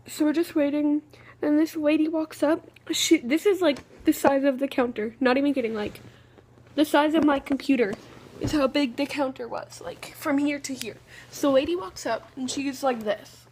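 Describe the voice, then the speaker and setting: A woman's voice: sits high, fairly even intonation, normal speed, darkish tone, a little hiss or hum. A woman, telling a rambling, exasperated story in a casual vlog. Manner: rambling, exasperated, full of "okay" restarts. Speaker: vlogger.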